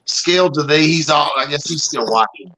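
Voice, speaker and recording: A man's voice: on the high side, normal speed, crowd noise, low-quality recording. A man from Tennessee with a Southern accent, joking and drawling in a casual livestream chat. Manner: joking, drawling, does a mock Boston accent.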